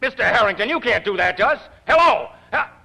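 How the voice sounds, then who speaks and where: A man's voice: sits high, expressive, brisk, vocal fry, sharp tone, exaggerated voice, low-quality recording. An actor playing a flustered middle-aged father in a 1940s radio drama, laying down the law. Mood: flustered, firm. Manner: flustered then firm. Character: harried middle-aged father who turns bossy.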